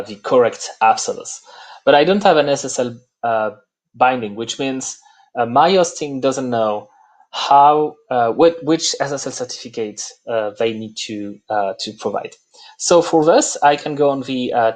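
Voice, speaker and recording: A man with a French accent, a native French speaker, walking through a live software demo and pausing often on "uh". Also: mid-range voice. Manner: halting, many "uh" fillers. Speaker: presenter.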